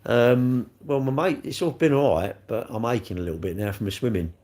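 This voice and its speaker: A man's voice: mid-range voice, fairly quick, darkish tone. A man rambling and joking as he answers chat comments on a live stream. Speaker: livestreamer reading chat.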